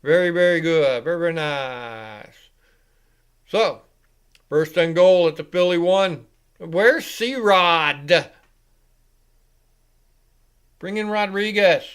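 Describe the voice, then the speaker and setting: A man with a fairly high voice hosting a live sports reaction show. He drifts from the game into rambling, profane asides, then jumps back in louder and higher to call the action. The talk is loose and unscripted, like chatting to viewers. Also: slow pace, long pauses, clear, resonant tone. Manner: rambling and casual, with profanity, rising and louder when calling plays. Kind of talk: live play-by-play reaction commentary.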